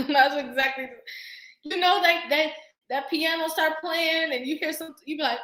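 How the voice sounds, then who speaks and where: A woman vlogger talking casually to camera, sassy and animated, laughing often. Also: sits high, normal speed, roomy sound.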